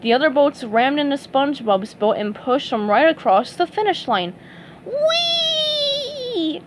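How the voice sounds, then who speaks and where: Woman reading a storybook aloud, high voice, very lively, slow, faint hum. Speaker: reader.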